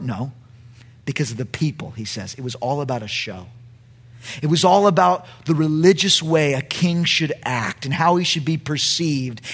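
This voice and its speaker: A man preaching a sermon with animated delivery, building to shouts at the peaks. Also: a little high. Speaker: pastor.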